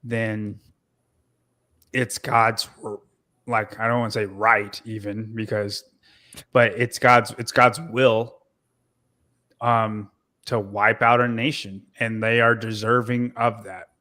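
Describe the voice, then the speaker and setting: A man speaking as a podcast guest in an earnest, deliberate way during a casual discussion. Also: on the low side, little pitch movement, sharp tone.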